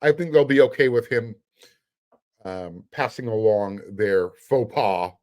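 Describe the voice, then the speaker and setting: A man's voice: lowish voice, unhurried, darkish tone. A middle-aged man hosting a sports podcast, talking casually in an emphatic, sarcastic, fired-up way.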